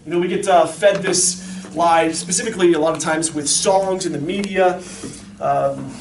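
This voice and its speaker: High-voiced man talking in an echoey hall. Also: normal speed, creaky. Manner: storytelling, animated, lots of fillers. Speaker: speaker at a parent talk. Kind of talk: casual talk to an audience. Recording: echoey hall from far off, faint noise.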